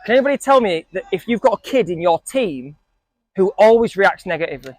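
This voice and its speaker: A man's voice: sits high, expressive, fast, a little mellow, no room sound. A man coaching a group of young football players, asking them questions and joking with them. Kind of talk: coaching talk to a group of kids.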